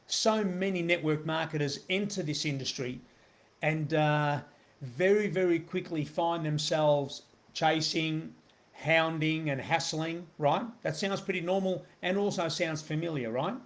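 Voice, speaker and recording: A middle-aged man coaching network marketers, talking straight to his viewers and checking in often with "right?" and "okay?". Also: fairly high pitch. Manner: talks with many "right?" and "okay?" check-ins. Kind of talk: motivational talk to camera.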